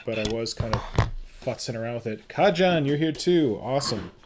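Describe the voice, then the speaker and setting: A man's voice: medium pitch, lively intonation, moderate pace. A Canadian man hosting a casual livestream, chatting with viewers and muttering to himself while he fiddles with his settings. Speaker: livestream host. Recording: noisy home livestream recording.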